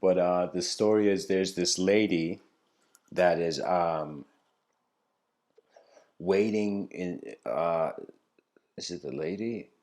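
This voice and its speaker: Man, deep voice, improvised lecture, storytelling, rambling, filler-heavy. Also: slow pace, pauses often, darkish tone. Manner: loose, filler-heavy, with frequent "you know".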